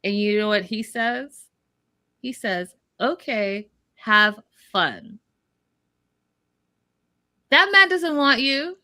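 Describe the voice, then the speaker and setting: A woman's voice: fairly high pitch, expressive, a little slow, sharp tone. A woman co-hosting a casual recap chat, blunt and opinionated, mocking people by quoting them in put-on voices. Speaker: podcast co-host.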